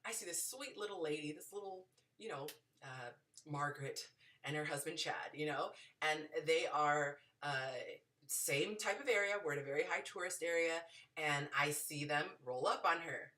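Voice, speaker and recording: A woman hosting a dating advice show, telling stories in an animated way and acting out the people in them. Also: low voice, normal speed, distant mic. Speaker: podcast host giving dating advice. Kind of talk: casual storytelling advice.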